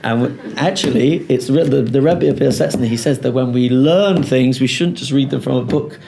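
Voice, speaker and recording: A male rabbi who leads a seminar, talks in a lively, joking way and brings the audience in. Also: medium pitch, moderate pace, creaky. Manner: animated, joking, talking to the audience. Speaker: rabbi leading a parenting seminar. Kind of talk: lively seminar talk with role-play. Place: lecture hall.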